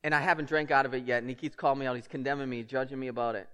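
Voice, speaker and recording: A man's voice: mid-range voice, fairly even intonation, rapid-fire, a bit bright, clear, resonant tone. Emphatic preaching pastor, a man. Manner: conversational and emphatic, asks the congregation rhetorical questions. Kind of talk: sermon.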